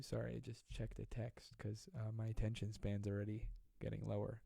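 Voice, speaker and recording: A man's voice: lowish voice, completely flat delivery, brisk, vocal fry, few pauses, mellow, slightly rough, no room sound. A man hosting a casual comedic live stream from home, joking and self-mocking as he rambles between stories and reading comments. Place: at home during quarantine. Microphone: close desk mic.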